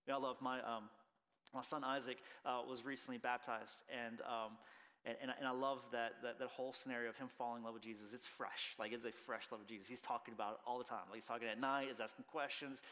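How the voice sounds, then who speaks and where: A man's voice: mid-range voice, fairly even intonation, fast talker, bright, forceful tone, long reverb tail. A man in his thirties, a pastor giving a conversational sermon full of stories and filler words.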